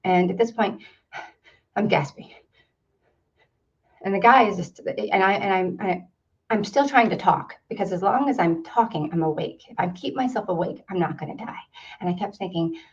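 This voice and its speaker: A woman's voice: mid-range voice, brisk. A woman speaking at a seminar, telling a personal story in an earnest way and repeating words for emphasis. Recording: distant, dull lo-fi sound.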